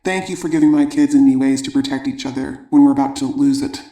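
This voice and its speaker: A man narrating an audiobook, reading letters aloud in a measured, even way. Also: mid-range voice. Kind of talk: scripted narration. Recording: roomy echo.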